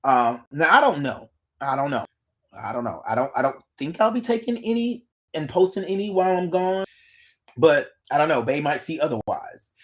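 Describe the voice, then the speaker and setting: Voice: mid-range voice, animated, normal speed. An adult host chatting casually on a live stream, greeting viewers by name and reading their comments aloud, recorded on a phone.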